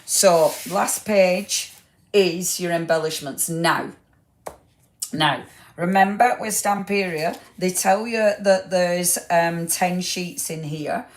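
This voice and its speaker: A woman hosting a live craft product showcase, gushing over papers and chatting to viewers by name. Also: lowish voice. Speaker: craft shop host.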